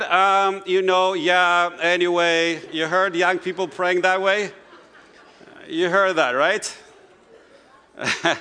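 A middle-aged pastor with a non-native English accent, preaching a conversational sermon full of "you know" asides. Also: male voice, on the high side, pushed and bright.

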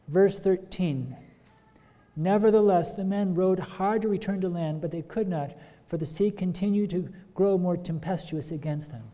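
A man's voice: sits high, normal speed, dark tone. A man preaching a sermon, retelling a scripture story and putting earnest questions to his congregation. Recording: long hall reverb.

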